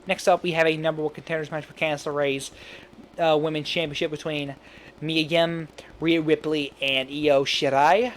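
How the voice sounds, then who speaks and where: Rambling young-sounding man, high voice. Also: level tone, a little hiss or hum. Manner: rambling, laughs at own jokes, quick asides. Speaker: fantasy booking commentator. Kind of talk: casual solo commentary.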